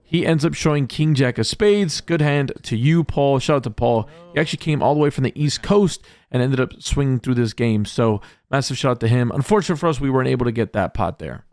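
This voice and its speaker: A man's voice: medium pitch, expressive, fairly quick, few pauses, darkish tone, no room sound. A man narrating his poker hands as a vlog voice-over, upbeat and jokey in a play-by-play way. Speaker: poker vlogger. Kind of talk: voice-over hand recap.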